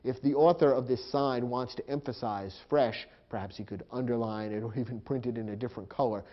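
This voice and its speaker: A man's voice: mid-range voice, steady tone, brisk, dull audio. Patient man explaining grammar. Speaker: teacher. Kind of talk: recorded grammar lesson.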